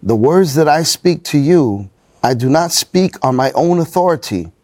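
A man with a slightly high voice reads scripture aloud at an even pace. The sound is close and dry, with no room around it. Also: moderate pace, dry recording. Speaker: study group member.

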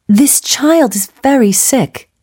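A woman's voice: sits high, expressive, slow, warm tone, breathy edge, voice pushed up, heavily acted. A woman voicing a determined, outspoken missionary woman who speaks firmly and with authority. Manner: firm and commanding.

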